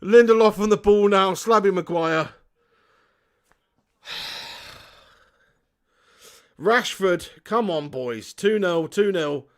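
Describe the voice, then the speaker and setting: A young man hosting a live football watch-along, excitable and swearing as he shouts at the referee. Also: sits high, takes it slowly. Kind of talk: live match commentary and chat.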